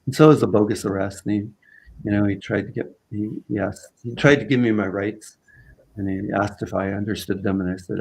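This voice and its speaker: A man with a low, gravelly voice tells a story as a guest in a relaxed conversation. He speaks in halting, unpolished phrases, circling back with "uh" and restarts as he finds his words. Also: low-quality recording. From Southern Vancouver Island, Canada. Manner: halting, many fillers and restarts.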